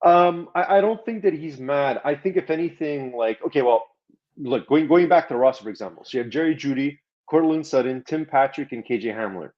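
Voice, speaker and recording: A man's voice: on the high side, a little fast. A man co-hosts a casual sports podcast, rambling through his points and cursing freely whenever something annoys him. The audio is slightly dull and lo-fi. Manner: rambling, swears while ranting. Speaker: podcast co-host.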